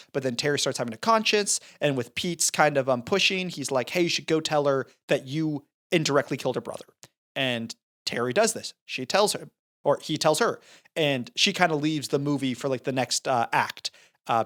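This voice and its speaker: A man co-hosting a film review podcast, retelling scenes in a rambling, animated way with many restarts. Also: a little high. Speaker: podcast co-host. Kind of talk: casual film review chat.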